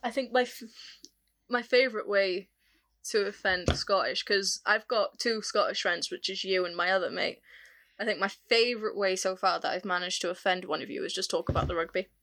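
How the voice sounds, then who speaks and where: A woman's voice: mid-range voice, brisk, a bit bright. A young Welsh woman co-hosting a podcast, teasing and laughing in casual chat. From Wales. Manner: playful, teasing, laughs often. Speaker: podcast co-host.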